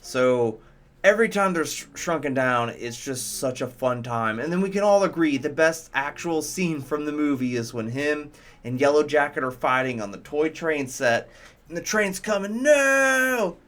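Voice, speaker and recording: A man's voice: on the high side, lively intonation, moderate pace, fairly bright tone. A man reviewing movies in casual commentary, enthusiastic, profane and rambling.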